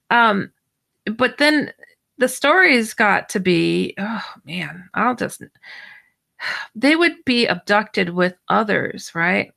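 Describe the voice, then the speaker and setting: A woman telling a personal story in a bright, forceful voice with a gravelly edge of fry. She rambles and restarts often, then leaps upward in pitch whenever she replays her own surprise. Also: takes it slowly. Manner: excitable, jumps high when acting out her own reactions; rambling with many false starts. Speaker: paranormal researcher guest. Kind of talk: animated personal storytelling in an online audio chat.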